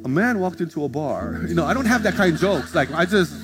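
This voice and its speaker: A man preaches to his congregation in a loose, conversational way, joking around as he tells stories. He slips into other people's voices to act out the conversations. Guitar music plays clearly behind him. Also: fairly high pitch, fast talker. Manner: animated, acts out dialogue in shifting voices. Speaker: pastor. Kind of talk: sermon storytelling. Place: church service in front of a congregation. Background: guitar music from the worship team.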